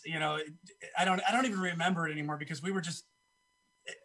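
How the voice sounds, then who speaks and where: A man's voice: fairly high pitch, fairly even intonation, quick pace, pauses often, bright, forceful tone, breathy edge. A man who is a guest on a podcast, talking casually in an emphatic, repetitive way. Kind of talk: casual conversation.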